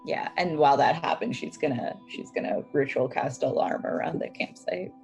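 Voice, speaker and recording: A woman's voice: rumbling low, normal speed, gravelly, darkish tone, soft background music. A woman describing her character's actions in a tabletop game, casual and hesitant. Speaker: player.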